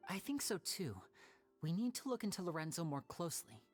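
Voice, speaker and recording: A woman voicing a calm, level-headed young female adventurer in a video game. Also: on the low side, faint music behind. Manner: calm, measured.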